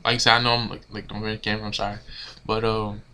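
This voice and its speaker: A man's voice: on the low side, flat delivery, rapid-fire, pushed and bright, slight background noise. Exasperated slangy man ranting to camera. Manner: exasperated, slangy, repeats himself. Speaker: sports fan vlogger. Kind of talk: casual rant to camera. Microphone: camera mic.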